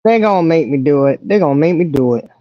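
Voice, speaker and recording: A livestream host reads viewer comments in a relaxed, casual chat, teasing playfully and laughing often. Her quick, lively voice swings widely in pitch, and the sound is dry, a bit dull, and echo-free, like a modest home mic.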